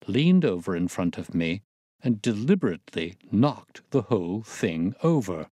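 Low-voiced man narrating a story. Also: darkish tone, no echo, studio quality. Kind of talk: scripted narration.

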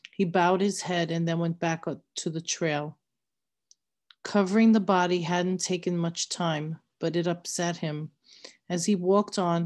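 Lower-voiced woman reading a novel aloud. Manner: steady, measured narration. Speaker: reader.

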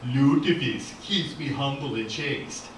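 A man voicing a tall, pale, cold villain in a robe, with a slow, mournful, put-on Swedish accent, read aloud at an open mic. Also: mid-range voice, background noise, lightly acted. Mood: menacing. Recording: echoey gallery from far off.

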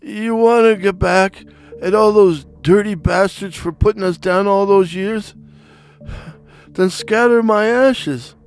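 A man voicing a dying, wheezing, resentful old male street tough in a spoken story, pitched above his own narrating voice. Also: takes it slowly, faint music behind. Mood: insistent. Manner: wheezing, wheedling.

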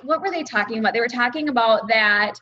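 Chatty woman running a team zoom training, bright tone, higher voice, muffled call audio. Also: quick pace. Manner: upbeat, chatty, many fillers. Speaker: team leader hosting a sales training call. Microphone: video call. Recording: dull lo-fi video call audio.

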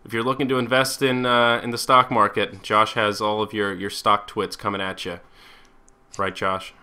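A man's voice: on the low side, little pitch movement, normal speed, sharp tone. A young man co-hosting a casual talk show, rambling and repeating words as he starts his sentences. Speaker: podcast co-host. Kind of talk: casual chat.

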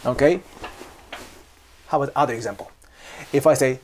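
A man's voice: mid-range voice, moderate pace, long pauses. A man from Japan with a Japanese accent, explaining culture in casual talk, emphatic, often checking "okay?" and acting out examples. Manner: emphatic, repeats "okay?" and "seriously", acts out examples. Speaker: cultural commentator.

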